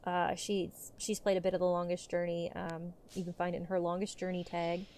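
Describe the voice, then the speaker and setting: A woman's voice: fairly low pitch, little pitch movement, brisk, darkish tone, a little hiss or hum. A woman hosting a let's play, giving casual, rambling commentary with the odd swear. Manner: chatty, rambling asides with swearing.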